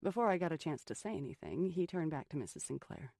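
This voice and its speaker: An audiobook reader giving scripted first-person narration of a gothic horror novel in an expressive storytelling manner. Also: medium pitch, fast talker, no room sound, studio quality.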